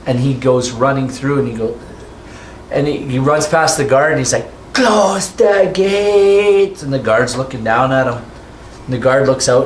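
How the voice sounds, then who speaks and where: A man's voice: medium pitch, slight background noise. A man running a tabletop game as game master, rambling and restarting his descriptions. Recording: echoey room with faint music.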